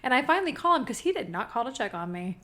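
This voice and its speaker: A woman in her forties co-hosting a podcast, telling a story in a casual, animated way and acting out what people said. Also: a little high, very fast. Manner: animated storyteller, acts out quoted voices. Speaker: podcast co-host.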